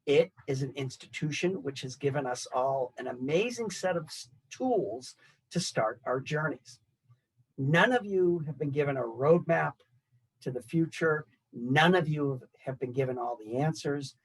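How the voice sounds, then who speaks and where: A man in his sixties who graduated from the college, giving a prepared, reflective speech to new graduates and pacing his phrases in measured lists. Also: fairly high pitch, husky, low-quality recording. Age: 60s. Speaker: alumni association speaker.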